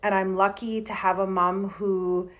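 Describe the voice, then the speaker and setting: A woman's voice: mid-range voice, flat delivery, unhurried. A woman from Canada, a guest telling personal stories in a candid, chatty way, full of likes and ums. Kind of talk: casual storytelling conversation.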